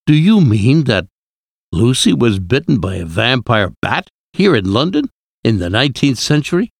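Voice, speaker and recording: A man voicing a shaken young male doctor who narrates, urgent and rising in pitch. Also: animated, a little slow, dry recording, clean studio sound. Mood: alarmed.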